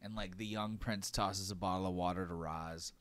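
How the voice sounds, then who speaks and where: A man's voice: low voice, steady tone, moderate pace, very noisy. A man narrating as game master of a tabletop role-playing game, describing scenes with fillers.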